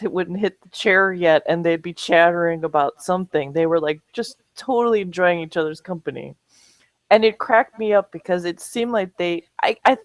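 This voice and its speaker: A woman's voice: fairly low pitch, no room sound, rough recording. A woman co-hosting a comedy podcast, telling stories in a chatty way with frequent laughter. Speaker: podcast co-host. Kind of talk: casual comedic chat.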